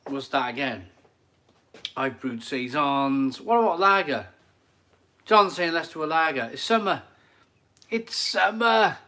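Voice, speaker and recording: This middle-aged man's mid-range voice is bright and forceful, his pace measured with long pauses. Streaming live from his home kitchen, he chats casually and with enthusiasm, rambling and repeating phrases as he reads out comments from viewers.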